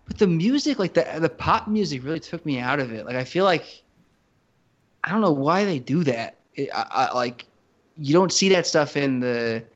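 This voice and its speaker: A man co-hosting a podcast, chatting casually in a rambling, animated way, full of fillers and restarts. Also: on the high side, normal speed, highs cut off. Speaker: podcast co-host. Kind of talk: casual chat.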